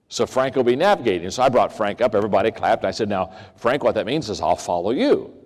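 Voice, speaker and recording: A man's voice: quick pace, few pauses. An older man giving a leadership talk, telling stories and acting out the people in them with big swings in voice. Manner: animated, acts out quoted voices with big pitch swings. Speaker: leadership speaker. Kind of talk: storytelling keynote talk. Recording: long reverb of a large hall.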